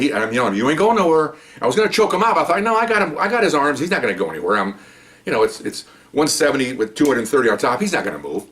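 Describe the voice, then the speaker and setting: A man who was once a police officer, telling a long story in a rambling, animated way and often checking in with "okay?". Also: mid-range voice. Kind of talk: casual spoken storytelling.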